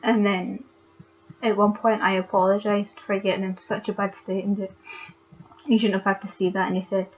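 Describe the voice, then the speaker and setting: A young woman, speaking haltingly and with many fillers as she talks upset into her camera for a vlog. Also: medium pitch, little pitch movement, slight background noise. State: upset and hurt. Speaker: vlogger. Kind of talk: casual confessional vlog. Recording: dull lo-fi webcam audio.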